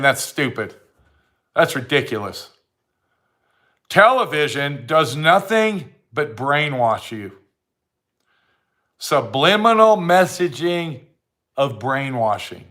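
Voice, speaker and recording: A man with a high, bright voice holds forth in a slow, drawn-out rant. His talk is blunt and heated, and he circles back to the same points again and again. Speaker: vlogger. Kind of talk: ranting monologue to camera.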